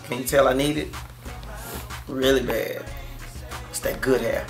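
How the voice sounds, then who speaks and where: Gravelly-voiced pastor chatting to camera. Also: male voice, mid-range voice, fairly even intonation, measured pace, soft background music. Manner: candid, personal, laughs often. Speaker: pastor and gospel singer. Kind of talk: casual vlog talk to camera. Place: church office.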